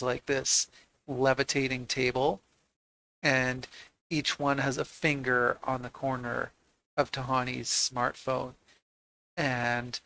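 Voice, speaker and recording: A man's voice: mid-range voice, pushed and bright, rough recording. A man playing a tabletop game, talking emphatically and expressively. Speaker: player. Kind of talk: tabletop role-play.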